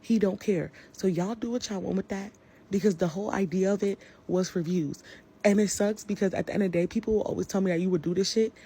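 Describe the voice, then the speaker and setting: A woman's voice: mid-range voice, fairly even intonation, fast, mellow, breathy edge. A woman giving an angry, profane rant to the camera about a falling-out with a friend. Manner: heated, profane, confrontational. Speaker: social media personality.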